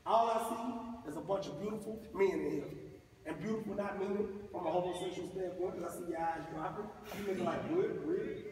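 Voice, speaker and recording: A man's voice: high voice, brisk, darkish tone, a little hiss or hum. A middle-aged man giving a preachy, colloquial anti-bullying talk to schoolboys, drawing call-and-response. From Mississippi, US. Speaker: motivational speaker. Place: school gym or hall. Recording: echoey hall from far off.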